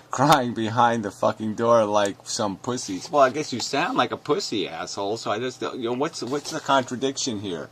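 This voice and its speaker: A man's voice: medium pitch, normal speed, hardly any pauses, a little hiss or hum. Sex: man. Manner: angry, profane rant. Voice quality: harsh, profane, mocking. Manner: shouts then mutters, sneering mock voices. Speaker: video commentator. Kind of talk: angry rant reading comments aloud.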